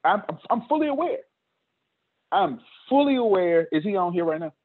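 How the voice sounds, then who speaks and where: A man's voice: sits high, very animated, moderate pace. A man leading a team meeting on a video call, talking emphatically in casual slang and repeating his points. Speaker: business leader hosting a team meeting. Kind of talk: motivational talk on a video call. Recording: tinny phone-like call audio.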